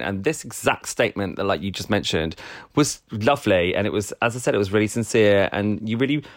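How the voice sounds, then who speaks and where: A man co-hosting a podcast, chatting casually, laughing often and restarting his sentences. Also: fairly low pitch. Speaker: podcast co-host. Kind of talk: casual chat.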